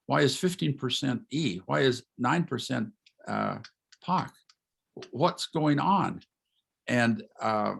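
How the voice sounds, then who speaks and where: Gravelly older man lecturing over video call. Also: mid-range voice. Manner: animated, asks rhetorical questions, chuckles, acts out quotes. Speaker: retired history professor giving a talk.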